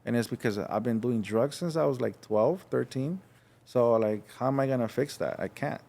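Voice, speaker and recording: A young man from Los Angeles, a podcast guest telling his story in a frank, halting way, acting out voices as he goes. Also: medium pitch, vocal fry, warm tone. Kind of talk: casual storytelling.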